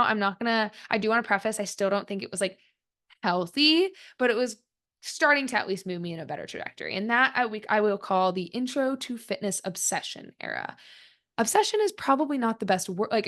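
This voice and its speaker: A woman's voice: a little high, fairly bright tone. A woman in her twenties hosting a solo podcast, talking in a casual, candid way with plenty of "like" fillers. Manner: chatty, frequent "like" fillers, candid self-reflection. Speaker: podcast host.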